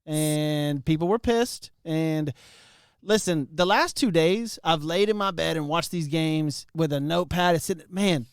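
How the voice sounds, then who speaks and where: A man's voice: on the high side, measured pace, smooth, dry recording, studio quality. A man co-hosting a sports talk show, chatting enthusiastically with his co-hosts and laughing often.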